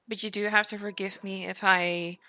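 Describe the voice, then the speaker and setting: Woman, casual stream chat, rambling, many fillers, voice worn from talking, bright tone. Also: mid-range voice, level tone, normal speed, soft background music. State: voice tired from a day of talking.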